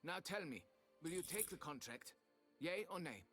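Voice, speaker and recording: An actor playing a pompous, condescending aristocrat who owns a vineyard, in video game voice acting. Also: male voice, fairly high pitch, animated, normal speed, fairly bright tone, faint music behind. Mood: haughty. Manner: haughty, fussy and condescending.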